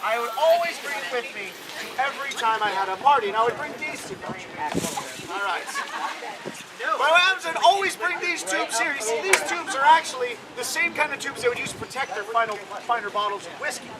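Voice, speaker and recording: High-voiced man joking live to a crowd. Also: very animated, fairly quick. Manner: joking, banters with the audience. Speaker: street magician and comic. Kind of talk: live stand-up magic act. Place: outdoor fair stage. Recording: loud crowd around an outdoor show.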